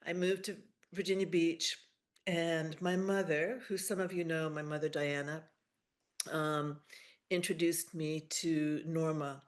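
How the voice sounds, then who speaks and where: Slow, halting middle-aged woman. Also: low voice, steady tone. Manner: halting, with many pauses and fillers. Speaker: memorial speaker. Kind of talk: heartfelt personal remembrance. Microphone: video call.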